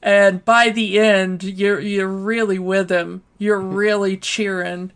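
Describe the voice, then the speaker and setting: A woman co-hosting a podcast in casual chat, unhurried, with lots of fillers. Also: mid-range voice, level tone. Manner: unhurried, many fillers like um and you know. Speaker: podcast co-host.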